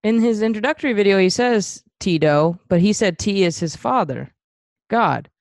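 A woman's voice: medium pitch, expressive, moderate pace, a little mellow, no echo, studio quality. A woman co-hosting a casual podcast, teasing and cracking jokes. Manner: wisecracking, teasing. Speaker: podcast co-host. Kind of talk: casual joking chat.

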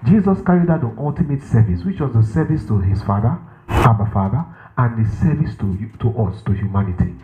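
A male preacher delivers a sermon with a lively, swooping pitch, pressing his points through repetition and checking in with his listeners. The sound is thin and phone-like, in an echoey room with faint music underneath. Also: brisk, background noise. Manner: emphatic, repeats himself, asks the crowd if they follow.

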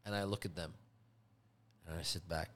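A man telling a story in casual podcast chat, profane and animated, acting out voices. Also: deep voice, moderate pace. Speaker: podcast co-host.

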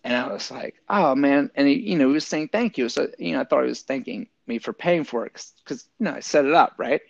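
A man, a podcast guest and yoga teacher, telling a story casually with lots of fillers and lively quoted voices. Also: medium pitch, a little fast, creaky, no room sound, highs cut off.

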